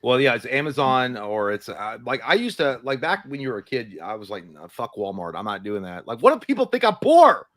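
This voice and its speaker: A man's voice: mid-range voice, sing-song, fairly quick, hardly any pauses, a bit bright. A man rambles through stories that poke fun at himself, putting on voices now and then. His voice sits in the middle range, with a dry, close sound and no room echo. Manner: rambling, self-mocking storytelling with voiced impressions. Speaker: podcast co-host. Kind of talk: casual chat.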